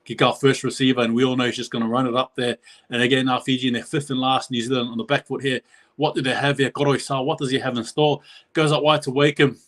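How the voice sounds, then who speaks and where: Guy doing live play by play on his stream, rambly, corrects himself, gets loud and high when something big happens. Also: level tone, fast talker. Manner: rambling, self-correcting, pitch jumps at big plays. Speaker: live stream reaction host.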